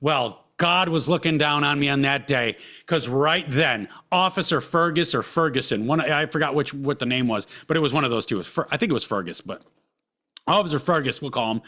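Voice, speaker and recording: A podcast host with a sharp, fairly high voice tells a personal story in a heated, blunt way, swearing constantly.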